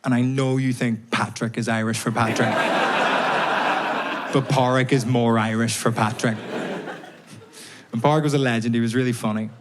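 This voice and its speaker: A man doing a stand-up routine, telling stories in a deadpan way with timed pauses, on stage at a live comedy venue. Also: medium pitch. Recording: live show recording with audience noise.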